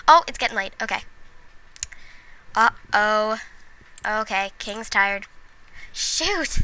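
A woman's voice: on the high side, gravelly, sharp tone. A woman hosting a let's play, giving casual gameplay commentary in a chatty, giggly way and talking to the game characters. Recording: noisy home recording.

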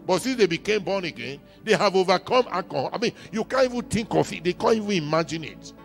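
A man's voice: sits high, animated, fast talker, vocal fry, faint music behind. A man with a Nigerian accent preaching a sermon in church, emphatic, repeating key lines and calling for the congregation to answer. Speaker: pastor.

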